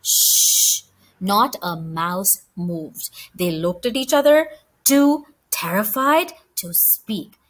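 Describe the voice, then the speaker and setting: A woman reading a children's chapter book aloud, expressive and animated. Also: medium pitch, slow. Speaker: storyteller.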